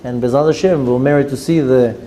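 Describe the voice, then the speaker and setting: A man's voice: mid-range voice, brisk, noisy background. A man, a rabbi giving an earnest sermon that urges his listeners on and mixes in Hebrew terms.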